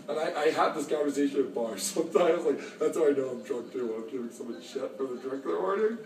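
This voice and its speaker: A man's voice: mid-range voice, animated, quick pace, few pauses. A man talking in a rambling, disjointed way, full of filler words, while intoxicated, in a motel lobby. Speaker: motel guest. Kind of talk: rambling monologue. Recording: echoey room, distant phone, background noise.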